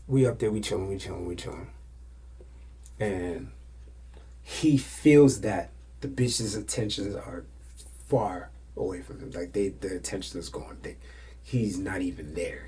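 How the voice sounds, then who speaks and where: A man hosting a podcast, telling a story in a loose, animated way and acting out the other people's lines. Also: sits low, husky. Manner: animated storytelling, acts out quotes. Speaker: podcast host.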